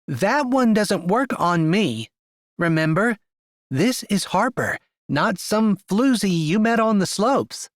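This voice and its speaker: A man voicing an anxious, teasing young woman academic in an audiobook, pitching his voice up and speaking emphatically. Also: sing-song, takes it slowly, dry recording, clean studio sound, exaggerated voice. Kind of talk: audiobook character voice.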